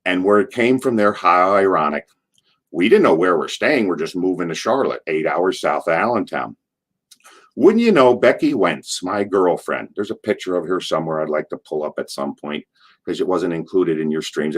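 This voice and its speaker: An older man with a lower-than-usual voice, recounting backstage stories as an interview guest. He tumbles through them with restarts and repeated words, building each tale with energy. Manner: animated retelling with frequent restarts and repeated words. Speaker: interview guest, former wrestler. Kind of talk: anecdotal storytelling.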